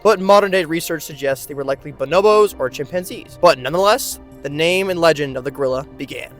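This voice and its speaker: A fairly high-pitched man talks through a casual video essay, joking as he goes and dropping informal asides. Faint music plays softly behind his voice. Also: fast talker.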